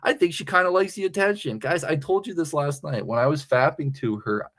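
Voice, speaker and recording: A man's voice: a little high, brisk, a bit bright. Crude rambling streamer guy. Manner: crude, rambling, laughs often. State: slightly tipsy. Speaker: livestream host. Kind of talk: casual livestream chat.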